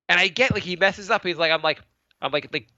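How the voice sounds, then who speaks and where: A man in his thirties co-hosts a podcast, chatting casually in an animated, rambling way full of restarts and stammers. His voice sits high, and the recording is dull, lo-fi, and dry with no room sound.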